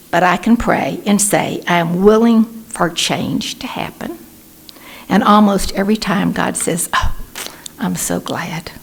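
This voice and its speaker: A woman in her sixties from Texas with a Texan accent, sharing her recovery story at a support meeting in a lively storytelling manner, acting out the people she quotes. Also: fairly high pitch, gravelly. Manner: warm storytelling, animated when quoting others. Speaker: Al-Anon speaker. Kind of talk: personal recovery talk. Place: meeting room.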